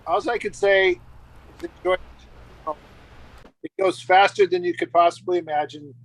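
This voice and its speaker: A man's voice: high-pitched, normal speed, low-quality recording. An older grandfather chatting casually, giving fatherly advice. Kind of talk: casual chat.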